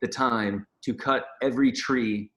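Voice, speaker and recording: A man's voice: mid-range voice, fairly even intonation, measured pace, fairly bright tone, echoey room. A man from California, a guest on a dance talk show, chatting in a rambling, friendly way over a video call. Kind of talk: casual video-call chat.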